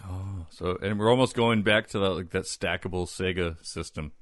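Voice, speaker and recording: A man hosting a casual comedy podcast, telling a story in an animated way, swearing and laughing often. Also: deep voice, moderate pace, no echo, studio quality.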